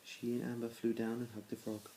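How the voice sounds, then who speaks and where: A man reads a children's story to his kids a little fast, his mid-range voice mellow and monotone. He sticks to a plain reading with small restarts, barely varying the characters. The audio is poor, with a slight hiss or hum.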